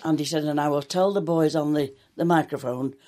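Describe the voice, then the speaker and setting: Older woman, mellow-toned, chatty storyteller telling showbiz anecdotes in an interview. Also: low voice, steady tone, a little fast. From England. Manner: chatty, warm anecdotes with quoted dialogue. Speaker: soap actress. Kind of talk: reminiscing interview.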